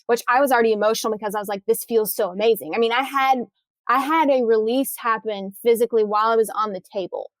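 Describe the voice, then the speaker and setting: A woman's voice: on the high side, quick pace, dry recording. A woman talking as a podcast guest, telling stories with enthusiasm and frequent restarts. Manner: enthusiastic, animated storytelling with many restarts. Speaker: guest, corrective exercise trainer. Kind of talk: casual podcast interview.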